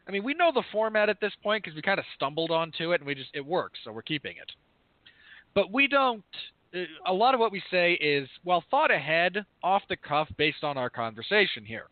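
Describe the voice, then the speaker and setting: A man's voice: high voice, very animated, fairly quick, no room sound. A man co-hosting a film review podcast, talking in a rambling, candid, self-correcting way. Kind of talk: casual review chat. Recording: tinny phone-like line, dry.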